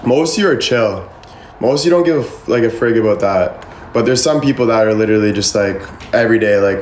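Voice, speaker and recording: A man's voice: lowish voice, fairly quick, a little hiss or hum. A young man casually chatting on a livestream and answering comments, rambling with constant "like" fillers and frequent swearing. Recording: echoey room with faint ambience.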